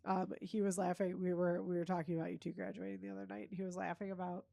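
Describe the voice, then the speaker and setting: Gravelly-voiced woman hosting a podcast, chatty and giggly, dry mic. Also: fairly low pitch, little pitch movement, quick pace, warm tone, dry recording. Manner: laughs often, chatty storytelling. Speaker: podcast host. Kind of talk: casual chat.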